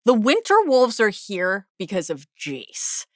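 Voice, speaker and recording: A woman co-hosting a podcast in casual chat, teasing playfully and chiming in with quick agreement. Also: mid-range voice, huge pitch swings, no echo, studio quality. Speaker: podcast co-host.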